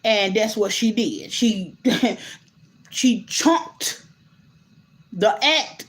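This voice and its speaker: A woman hosting a casual commentary vlog, talking straight to her viewers in an animated, incredulous way, full of restarts and asides. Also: mid-range voice, extremely slow. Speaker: host.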